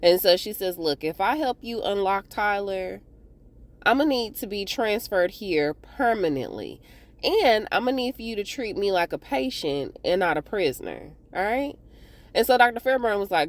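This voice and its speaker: A woman hosting a casual TV episode recap, chatting to viewers in a slangy, animated way. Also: medium pitch, normal speed. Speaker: TV recap host.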